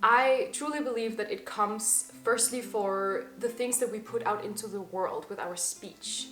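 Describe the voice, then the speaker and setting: A young woman in her twenties talking to camera in an earnest, emphatic personal monologue. She slows down to stress the words that matter most. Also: medium pitch, a bit bright. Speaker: vlogger. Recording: slightly echoey room with faint music.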